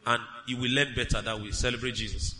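A man co-teaching a sermon with his wife, delivering scripture in a steady, measured way. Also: mid-range voice, in a large hall, poor audio.

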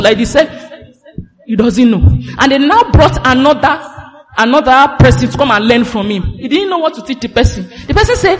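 A woman preaching a sermon, animated and sing-song, slowing down to stress scripture. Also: sits high. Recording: reverberant hall with faint music.

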